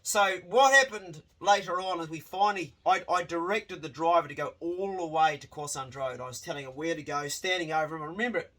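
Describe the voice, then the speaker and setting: Man, casual storytelling, somewhat high voice, animated, swears a lot, restarts sentences. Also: a little fast, hardly any pauses.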